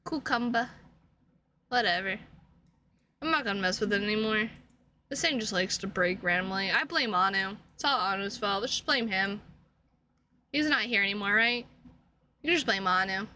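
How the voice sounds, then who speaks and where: A woman's voice: medium pitch, moderate pace, long pauses, bright, forceful tone, slight background noise. A woman streaming a visual novel game, chatting casually in a goofy, rambling way with plenty of jokes. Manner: goofy, rambling, jokey, lots of laughing. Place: home room.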